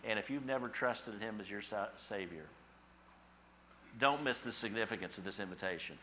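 Bright-voiced male preacher, dynamic delivery. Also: lowish voice, normal speed, a little hiss or hum. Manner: dynamic, swings from hushed to emphatic; repetitive, preacherly cadence. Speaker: pastor. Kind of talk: sermon.

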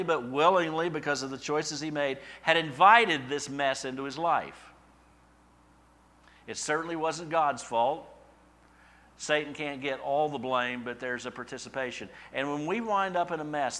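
A man preaching a sermon, building to loud emphatic peaks and falling to quiet asides. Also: mid-range voice. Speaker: pastor.

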